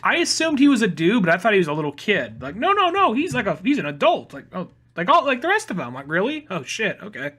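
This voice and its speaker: A bright male voice, a bit higher than most, rambling on a casual podcast. He circles his points and keeps restarting sentences. The tone stays loose and conversational, with the odd curse. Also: wildly swooping pitch, fast talker, hardly any pauses. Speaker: podcast co-host.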